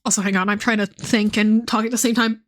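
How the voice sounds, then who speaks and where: A woman's voice: medium pitch, steady tone, quick pace, fairly bright tone. A young woman streaming and chatting casually, rambling with lots of fillers and swearing. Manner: rambling, profane, many fillers.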